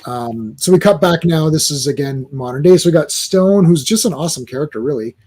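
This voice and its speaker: A man's voice: a little high, animated, fairly quick, warm tone. A man hosting a casual comic book podcast, rambling and laughing easily as he walks through the story. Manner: laid-back, rambling, laughs often. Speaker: podcast host.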